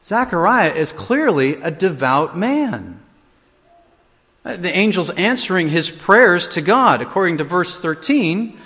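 A man delivering a sermon with a lively, expressive voice that leaps up and down as he acts out quoted lines. His pitch sits a little high for a man. The sound carries a long reverb, as if in a large hall. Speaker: pastor.

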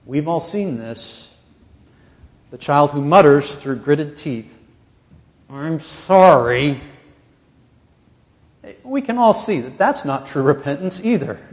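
A man's voice: fairly high pitch, lively intonation, moderate pace, hardly any pauses, darkish tone, in a large hall. A man preaching a sermon as pastor of a church, earnest and pressing his points with rising emphasis.

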